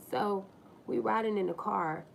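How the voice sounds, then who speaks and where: A woman hosting a livestream, telling a personal story to her viewers in a candid, profane, animated way. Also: mid-range voice, slow, gravelly, a little hiss or hum. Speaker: livestream host.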